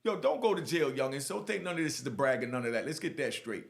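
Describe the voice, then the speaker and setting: A man telling a first-person prison story in a casual, animated way, often checking in with the listener. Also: medium pitch, fast, creaky. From Jamaica. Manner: animated, keeps saying "you know what I mean". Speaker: storyteller recounting prison life.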